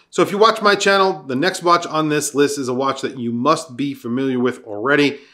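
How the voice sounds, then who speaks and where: A man's voice: medium pitch, a bit bright. A man hosting a casual product rundown, enthusiastic and conversational, talking straight to his viewers. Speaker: watch reviewer.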